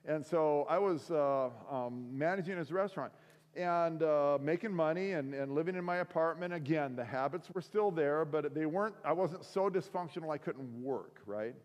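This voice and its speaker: A middle-aged man from the Seattle area gives a sermon as a relaxed, self-mocking storyteller who uses many fillers. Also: fairly high pitch, normal speed. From Seattle area, USA. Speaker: week of prayer speaker. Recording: long hall reverb.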